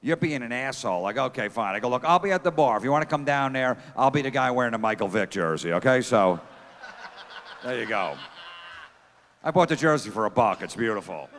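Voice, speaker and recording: A man doing a crude, deadpan stand-up comedy set, riffing with the crowd from a theater stage. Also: mid-range voice, a little fast. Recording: long theater reverb.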